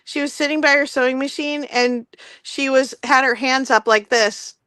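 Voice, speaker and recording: A woman's voice: high-pitched, steady tone, normal speed, sharp tone, clean tone, dry recording. A woman hosting a live online sale, chatting casually about vintage items and laughing often between filler words.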